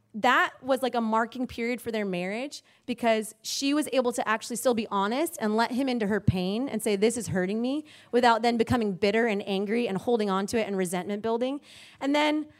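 A woman with a voice on the high side tells a faith-based story in a casual, rambling way. Her telling is packed with fillers and self-corrections, and she acts out the voices she quotes.

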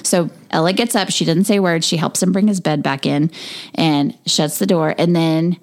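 A woman in her thirties with a slightly low voice tells a story in a relaxed, conversational way. She acts out her son's whining complaints and her own weary replies. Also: moderate pace. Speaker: podcast co-host. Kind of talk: casual storytelling chat.

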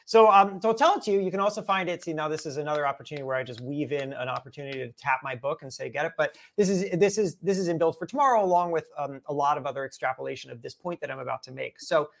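A man's voice: fairly high pitch, fairly even intonation, rapid-fire, creaky, hardly any pauses, a bit bright. A man, a guest author, telling a story in a casual chat with lots of energy, repeating and restarting words.

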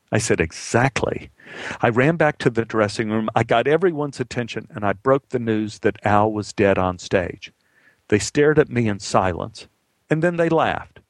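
Male storyteller, vivid dramatic telling, gravelly voice, dry close sound. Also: lowish voice, dry recording. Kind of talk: spoken personal storytelling.

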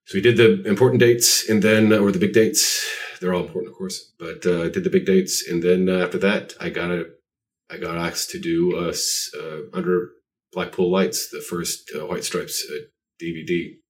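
A man's voice: low voice, level tone, moderate pace, far from the mic. A man being interviewed about his art, telling stories in a rambling, self-deprecating way with lots of fillers. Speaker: artist guest. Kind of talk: casual interview chat.

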